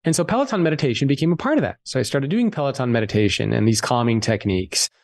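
A man guest on a podcast, telling a personal story in a candid, animated way and swearing freely. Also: mid-range voice, fast talker, creaky. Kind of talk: casual storytelling interview.

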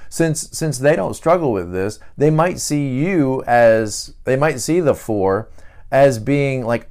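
A man's voice: medium pitch, a little mellow, clean tone. A man hosting a podcast, explaining a personality type in a loose, conversational way, with many fillers and restarts. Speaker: podcast host. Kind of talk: casual teaching talk.

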